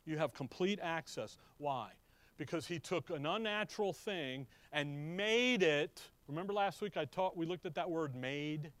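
A man preaching a sermon who keeps asking the congregation questions and answering them himself. He slows down on key words and swings from loud emphatic bursts to quiet low asides. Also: no room sound.

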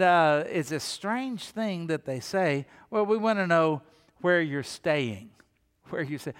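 A man's voice: a little high, fairly bright tone, smooth, big-room sound. A male pastor preaching a sermon, building emphasis with rhetorical questions and repeated phrases.

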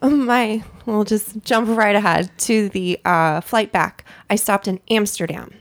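A woman's voice: mid-range voice, measured pace. A woman co-hosting a podcast, telling travel and family stories in a chatty, rambling way and laughing often. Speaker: podcast co-host. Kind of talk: casual chat.

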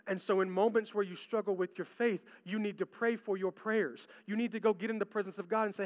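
A male pastor preaching a sermon in a large hall, telling stories animatedly and swinging from hushed tones to excited ones. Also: sits high, brisk, few pauses. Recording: reverberant hall, dull lo-fi sound.

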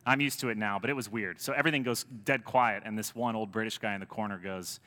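Bright, forceful American priest preaching. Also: male voice, lowish voice, fast talker. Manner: animated storytelling with emphatic swings in loudness. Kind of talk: sermon. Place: church sanctuary. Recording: long church reverb.

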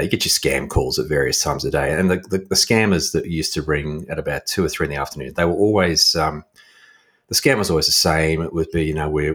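An Australian man, a middle-aged author, casually telling an animated story and laughing often. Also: slightly rough. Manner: animated anecdote-telling, laughs often, lively swings into high quoted voices. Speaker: author guest.

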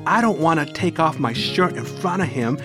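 A man reading his own first-person story aloud with an unhurried, intimate and expressive delivery. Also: fairly high pitch. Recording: music playing behind the voice.

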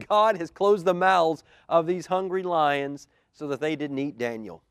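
Lively pastor reading a storybook. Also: male voice, fairly high pitch, a little slow, smooth, dry recording, clean studio sound. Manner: lively, asks the children questions. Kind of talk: reading a children's storybook aloud. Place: church auditorium.

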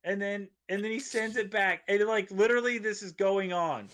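A man, a comedian guest on a studio podcast, telling a rambling story in an animated way and acting out the voices of people in it. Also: high-pitched, moderate pace. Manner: animated, acts out voices in his stories, rambling tangents.

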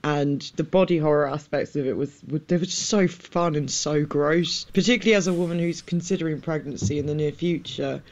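A woman's voice: low voice, a little fast, hardly any pauses, dull audio. A young woman chatting about films, bubbly and sweary, with lots of ums. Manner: bubbly, hesitant with ums, swears and laughs easily. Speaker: podcast guest. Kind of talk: casual film chat.

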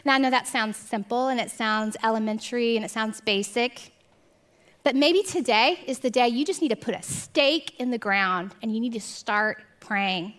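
A woman giving a heartfelt devotional talk, telling a story earnestly and sometimes dropping to hushed tones. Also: fairly high pitch, moderate pace. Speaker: Christian speaker.

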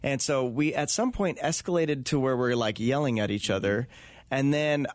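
A man's voice: mid-range voice, moderate pace, dry recording, clean studio sound. A man speaking as an interview guest, talking earnestly and reflectively with many fillers and restarts. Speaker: guest, touring event host. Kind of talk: casual interview conversation.

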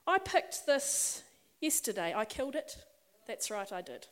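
High-voiced woman preaching a sermon. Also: very animated, measured pace. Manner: conversational and personal, building to emphatic passages. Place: church or meeting hall with a congregation.

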